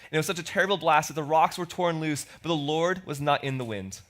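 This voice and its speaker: A man's voice: on the high side, fast talker, a bit bright. A man preaching a sermon as pastor, in a conversational way, acting out quoted lines. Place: church.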